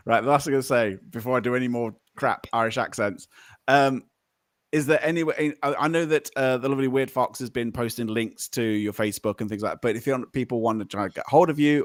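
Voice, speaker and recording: A man's voice: mid-range voice, dry recording, studio quality. A man hosting a podcast, joking and swearing through laughs and thanking his guest in a loose, bantering way. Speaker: podcast host. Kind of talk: casual podcast interview.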